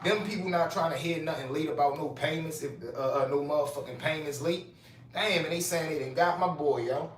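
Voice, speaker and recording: Man, livestream host, casual profane commentary, slightly high voice, echoey room. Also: fairly quick, far from the mic. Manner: loose, profane, talks straight to chat. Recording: roomy echo, faint noise.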